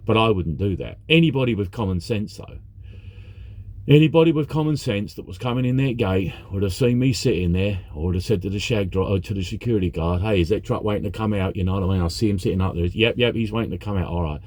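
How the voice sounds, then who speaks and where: A man's voice: lowish voice, fast, a little mellow, no room sound. A man, a truck driver talking straight to the camera and recounting a frustrating day, ranting and swearing as he goes. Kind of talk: casual monologue recounting a workday.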